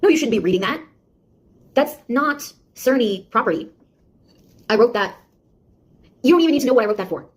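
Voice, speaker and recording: A woman's voice: on the high side, animated, a little fast, pauses often, breathy edge. An actress playing a sarcastic young woman, a beta tester who mocks and scolds a nosy AI in a one-sided audio drama. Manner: mocking, taunting, exasperated.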